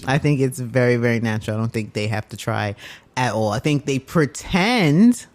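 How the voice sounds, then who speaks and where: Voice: mid-range voice, animated, moderate pace, darkish tone. A podcast host leading a casual film discussion, chatty and agreeable.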